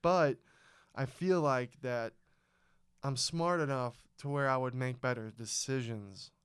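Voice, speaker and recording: A man's voice: medium pitch, slow, smooth, dry recording, studio quality. A man co-hosting a casual podcast, talking animatedly, swearing often and acting out scenes as he tells them. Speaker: podcast co-host, former fighter.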